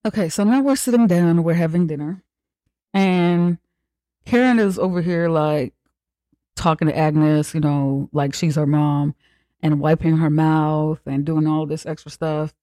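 A podcast host giving a casual, profane, joking recap of a movie, acting out characters' lines in quick asides. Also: medium pitch, steady tone, warm tone, no echo.

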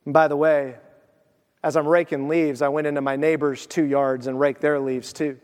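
A pastor with a fairly high, darkish voice tells stories animatedly during a sermon, taking on the voices of those he quotes. His pitch stays fairly flat and his speed normal, and a long reverb suggests a large church hall.

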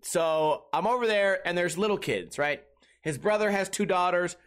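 High-voiced man ranting casually. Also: normal speed, clean tone. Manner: rambling, profane, animated storytelling. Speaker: podcast host. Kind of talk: casual comedic monologue.

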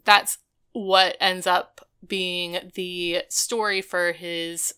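Bright, crisp-voiced chatty woman. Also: on the low side, little pitch movement, drawn-out words. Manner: chatty, retells scenes with many "like"s. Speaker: podcast co-host. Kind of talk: casual episode recap chat.

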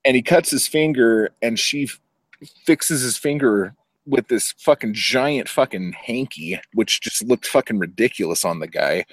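A man's voice: medium pitch, no room sound. A man casually recapping a film, swearing a lot and acting out the characters' lines as he goes. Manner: profane, animated storytelling with acted-out quotes. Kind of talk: casual movie recap chat.

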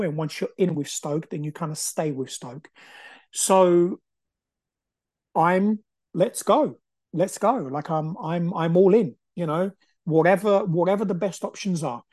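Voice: medium pitch, darkish tone, no echo. A podcast host in their forties, talking through a personal story in an emphatic, determined way and repeating phrases for stress. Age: 40s.

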